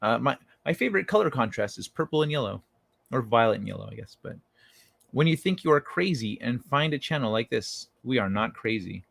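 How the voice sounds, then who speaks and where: A man's voice: mid-range voice, expressive, brisk, gravelly, fairly bright tone, dry recording, clean studio sound. A man hosting a casual late-night livestream, rambling and swearing with many restarts as he chats with viewers. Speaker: livestream host reading chat.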